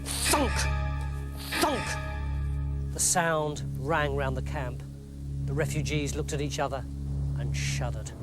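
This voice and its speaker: An English man telling a comic story in a lively, mock-dramatic narrating voice. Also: mid-range voice, measured pace, loud music behind the voice.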